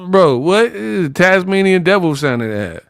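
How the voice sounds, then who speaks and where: A man hosting casual boxing commentary, animated and mocking, slipping into high-pitched impressions. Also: measured pace, vocal fry, dry recording, clean studio sound.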